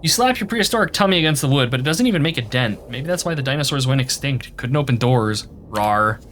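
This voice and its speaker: A man's voice: medium pitch, lively intonation, quick pace, fairly bright tone, a little hiss or hum. A man streaming a video game, reading the game text aloud and reacting playfully.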